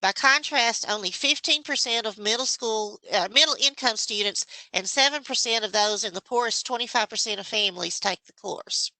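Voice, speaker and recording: A woman giving a measured, explanatory presentation to a state education board as a committee member. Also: a little high, sharp tone, no room sound, poor audio. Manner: explanatory, measured, with some restarts. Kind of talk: formal presentation.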